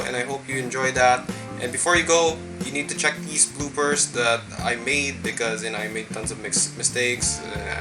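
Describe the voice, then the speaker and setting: A man's voice: medium pitch, far from the mic. Young man narrating history. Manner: plain reading with small grammar slips. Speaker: history video creator. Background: guitar music.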